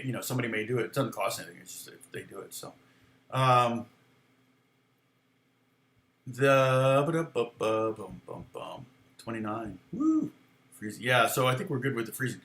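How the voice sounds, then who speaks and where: A man's voice: medium pitch, lively intonation, quick pace, bright, forceful tone. Middle-aged guy chatting on a live stream, rambly, keeps chuckling and restarting, roomy echo. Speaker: guitar teacher on a live stream. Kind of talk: casual storytelling chat. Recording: echoey room.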